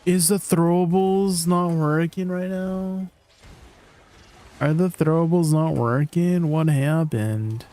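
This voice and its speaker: A man's voice: fairly high pitch, steady tone, slow, warm tone. A man livestreaming a game, chatting casually in a rambling way with lots of fillers and laughing at himself. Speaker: streamer.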